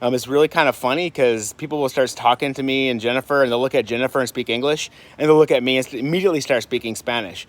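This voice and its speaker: A man's voice: mid-range voice, fairly even intonation, fast, few pauses. Chatty man vlogging with rhetorical questions. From Michigan. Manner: rambling, many fillers and restarts, rhetorical questions. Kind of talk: casual vlog talk. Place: home in Puerto Rico.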